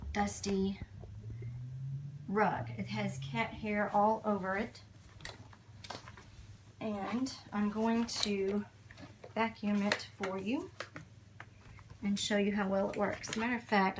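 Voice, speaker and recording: A woman's voice: medium pitch, noisy background. A woman giving a casual product demonstration, explaining features in a plain conversational way. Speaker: product reviewer.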